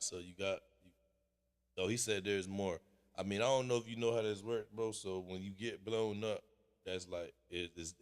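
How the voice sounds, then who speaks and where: A man's voice: low-pitched, clear, resonant tone, long reverb tail. A man hosting a casual song review, blunt and full of slang, calling everyone bro. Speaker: host reviewing submitted songs.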